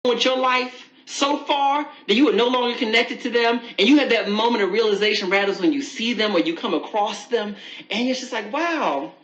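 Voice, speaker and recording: A woman's voice: on the high side, a little fast. A woman hosting an advice talk for viewers, speaking emphatically, repeating key phrases and calling the listener baby. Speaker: advice show host. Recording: echoey room, slightly dull sound.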